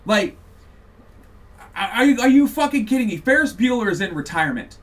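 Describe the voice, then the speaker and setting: High-voiced man ranting, heavy swearing. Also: very animated, fairly quick, recorded from a distance. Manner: heated, sweary, mocking. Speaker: podcast host. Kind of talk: profane political rant.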